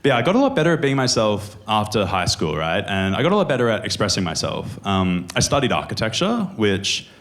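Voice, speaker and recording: A young adult man doing stand-up comedy on a club stage, telling stories in an animated way and acting out the voices of other people. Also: on the low side, fast talker, hardly any pauses. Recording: clear crowd noise in a comedy club.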